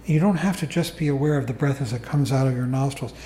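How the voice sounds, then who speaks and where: A man giving a calm, unhurried dharma talk as a meditation teacher to a group. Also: mid-range voice, a little hiss or hum. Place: meditation hall. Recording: echoey room recording.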